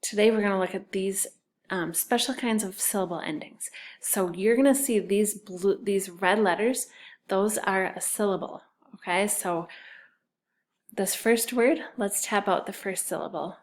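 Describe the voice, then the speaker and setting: A woman teacher giving a recorded phonics lesson to children. She talks slowly and patiently and spells words out letter by letter. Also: medium pitch.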